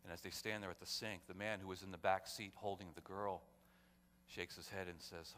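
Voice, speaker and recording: A male pastor preaching a sermon, swinging between loud, emphatic calls and quiet, low storytelling. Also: fairly even intonation, fairly quick, a little hiss or hum. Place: church sanctuary. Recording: long church hall reverb.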